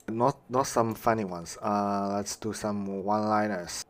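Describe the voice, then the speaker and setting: Man, low pitch, casual joke reading, frequent laughs, verbal slips. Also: steady tone, a little slow. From Canada. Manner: laughs often, stumbles over words. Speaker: vlogger reading jokes. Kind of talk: casual reading of online jokes.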